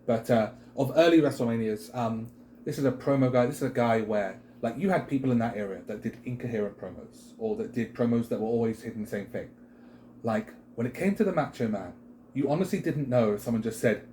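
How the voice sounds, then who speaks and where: A man's voice: mid-range voice, brisk, a little hiss or hum. A British man co-hosting a wrestling chat show, talking casually and rambling with lots of fillers. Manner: rambling, filler-heavy, animated.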